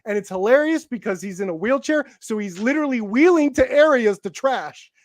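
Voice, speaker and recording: A man co-hosting a casual podcast, recapping a movie in a rambling, halting way with many restarts. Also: very high voice, expressive, dry recording. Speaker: co-host reviewing a movie.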